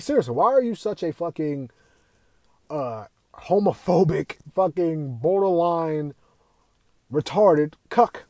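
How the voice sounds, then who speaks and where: A man's voice: a little high, darkish tone, no room sound. A young man ranting as a podcast host, swearing constantly, repeating himself and firing rhetorical questions. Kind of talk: profane opinion rant.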